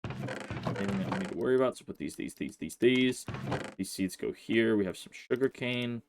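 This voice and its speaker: A man's voice: on the low side, normal speed, noisy background. A man hosting a casual let's play, commenting on his gameplay and grumbling in exasperation at his in-game horse.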